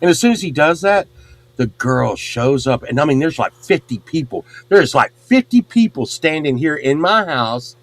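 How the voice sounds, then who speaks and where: A middle-aged man telling a rowdy story in casual chat, swearing and loudly acting out the people in it. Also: high voice, moderate pace. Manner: animated, swearing, acts out quotes loudly. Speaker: podcast host.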